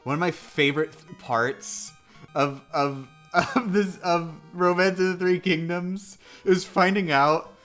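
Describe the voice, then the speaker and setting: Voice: medium pitch, fairly even intonation, slow, fairly bright tone, soft background music. A streamer telling a silly story in a meandering way, with lots of restarts and laughing along. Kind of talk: rambling comic storytelling.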